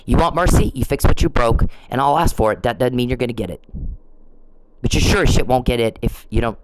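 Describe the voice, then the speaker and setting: A woman's voice: a bass voice, a little fast, noisy background. A woman ranting angrily straight at the camera, scolding and swearing, stumbling over her words when heated. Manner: furious, profane, scolding; repeats and restarts when heated. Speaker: vlogger. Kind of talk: angry direct-address rant.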